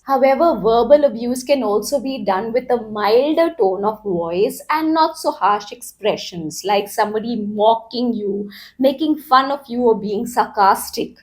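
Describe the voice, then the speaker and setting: A woman giving an educational talk, explaining in a calm, measured way. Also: on the high side.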